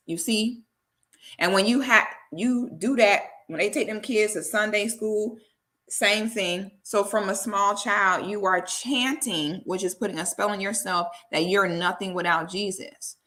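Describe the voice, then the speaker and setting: A woman's voice: mid-range voice, a little slow, pushed and bright. A woman vlogger who talks emphatically and preachily, checking in with "okay?" as she makes her points. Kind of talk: commentary vlog.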